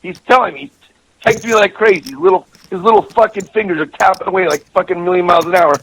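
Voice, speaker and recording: A middle-aged professional gambler calls in to a show and tells a heated story, swearing a lot, repeating words, and speaking emphatically. His voice sits high and fairly bright, moving quickly, on poor audio.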